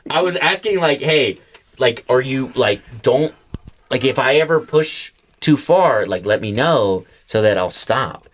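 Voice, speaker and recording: A young man co-hosting a comedy podcast, telling stories in an animated, profane way and acting out the voices of the people he quotes. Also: mid-range voice, measured pace. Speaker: podcast co-host. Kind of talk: casual comedic storytelling.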